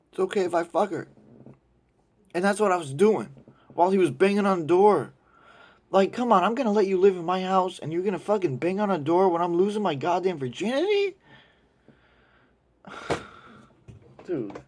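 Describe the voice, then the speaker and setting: A young man telling a crude personal story in a casual, rambling way, animated when quoting others. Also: high voice.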